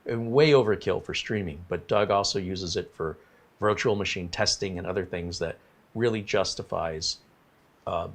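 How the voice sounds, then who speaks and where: A man hosting a casual livestream, talking in a rambling, apologetic way and reading viewer comments aloud. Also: low voice. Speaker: livestream host.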